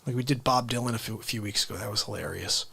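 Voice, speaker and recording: A man's voice: fairly low pitch, rapid-fire, gravelly, background noise. A man hosting a casual comedy livestream, playful and rambling as he chats. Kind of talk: casual live-stream chat.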